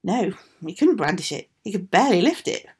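Husky woman reading a fairy tale. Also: mid-range voice, a little fast. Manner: expressive, sing-song reading. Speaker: storyteller. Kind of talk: fairy tale read aloud.

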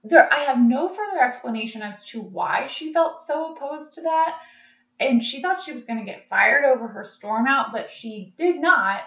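A woman's voice: sits high, expressive, normal speed, fairly bright tone. A woman co-hosting a casual podcast, chatty and laughing often as she recaps. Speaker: podcast co-host. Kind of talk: casual chat. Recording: echoey, dull lo-fi sound.

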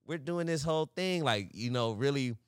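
A man's voice: mid-range voice, lively intonation, normal speed, clean tone, no room sound, clean studio sound. A young man co-hosting a podcast, telling a story in casual chat, acting out the quotes and laughing often. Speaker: podcast co-host.

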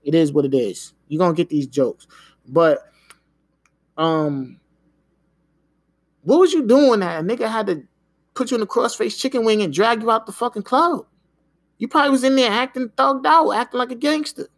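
A man's voice: high voice, animated, dry recording. A man hosting a podcast, ranting in a casual, emphatic way. He swears freely and keeps tossing in "man" and "yo". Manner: emphatic, profane, repeats "man" and "yo"; talks in quick bursts. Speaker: podcast host.

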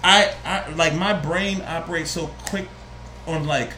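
A man's voice: on the high side, unhurried, roomy sound, slight background noise. A man with a New Jersey accent telling a personal story in casual, profane chat, acting out what people said. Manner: animated, profane, acts out quotes.

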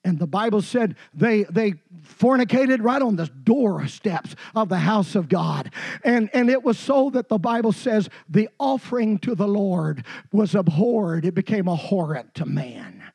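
A middle-aged male preacher delivering a sermon emphatically, dropping low to tell stories and climbing to shouts. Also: expressive, measured pace, gravelly, breathy edge. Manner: emphatic, swinging between low storytelling and shouting.

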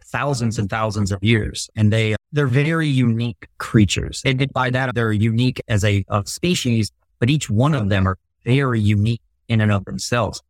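A man's voice: mid-range voice, normal speed, few pauses, dry recording. A man speaking earnestly and thoughtfully as a guest in an interview. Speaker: guest, retired veteran. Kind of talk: casual interview talk.

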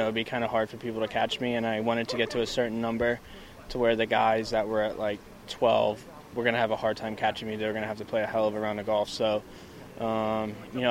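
A male pro golfer from England giving a soft-spoken post-round interview outdoors, full of "you know" and "um". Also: on the low side. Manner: soft-spoken, lots of fillers.

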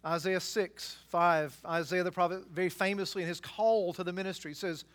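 A man preaching a sermon, swinging between quiet asides and loud, emphatic passages. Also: sits high, steady tone, normal speed. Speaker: pastor.

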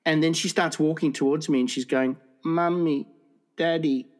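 A man's voice: fairly high pitch, steady tone, a little fast. A middle-aged man telling a long comic story in casual chat, swearing freely.

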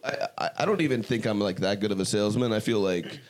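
A man's voice: on the low side, lively intonation, fast. A young man co-hosting a podcast, chatting in a laid-back, joking way. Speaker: podcast co-host. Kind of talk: casual podcast chat.

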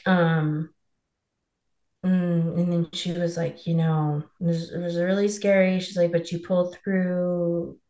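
A woman's voice: on the low side, little pitch movement, slow pace, dark tone. Rambling woman in a roomy space. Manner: rambling, fills with "like", acts out quoted dialogue. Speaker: podcast co-host telling her birth story. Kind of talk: casual chat.

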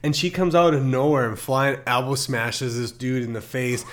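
A man's voice: mid-range voice, steady tone, moderate pace, background noise. A man hosting a podcast, rambling through stories and acting out what people said. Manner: rambling storyteller, quotes people in voices. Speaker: podcast host. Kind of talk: casual podcast chat.

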